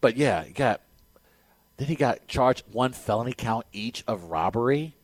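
An emphatic man hosts a sports talk show, reading out news and then riffing with strong opinions. His voice sits at an ordinary middle pitch. The sound is dry and close, with no room around it. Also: expressive, moderate pace, no room sound. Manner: opinionated, emphatic, reads news items aloud then riffs.

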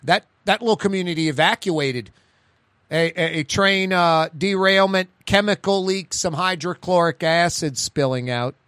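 Chatty New Orleans radio host. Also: male voice, sits high, moderate pace, a bit bright, no echo. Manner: rambling, chatty, digressive. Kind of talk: casual radio talk.

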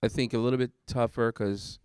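A mid-range, slightly mellow, smooth male voice with fairly even intonation moves at a fairly quick pace. He's a guest preacher casually talking through a sermon he preached, thoughtful and full of fillers and restarts, in clean studio sound with no room sound.

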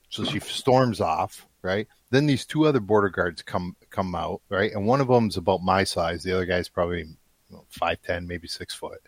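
A man's voice: low-pitched, normal speed, no room sound. A man telling a story in casual talk, blunt and angry, swearing constantly.

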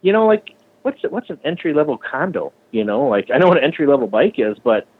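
A man from the Minneapolis area who runs a shop and builds bikes, talking casually and with lots of swearing, often acting out other people's lines in a higher voice. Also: expressive, fast, husky, narrow, tinny audio. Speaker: shop owner and bike builder. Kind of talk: casual podcast conversation.

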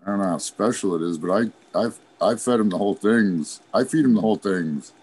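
Laid-back low-voiced man, rambling. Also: fairly quick, darkish tone, slightly rough. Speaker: podcast host. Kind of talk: casual chat. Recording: faint background noise.

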